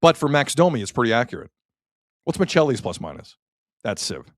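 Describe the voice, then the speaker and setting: A man with a Canadian accent hosting a sports talk show, opinionated and animated, reacting to chat comments. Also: medium pitch, a little fast. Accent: Canadian English.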